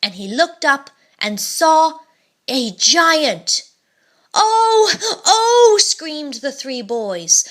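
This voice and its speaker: A woman reading a children's storybook aloud in an expressive, dramatic way. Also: high voice, drawn-out words.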